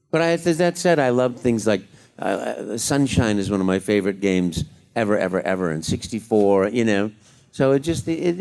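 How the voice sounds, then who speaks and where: A man answering fan questions at a convention panel, reflective and encouraging. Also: medium pitch. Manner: warm-hearted, reflective and encouraging. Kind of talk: casual panel Q&A.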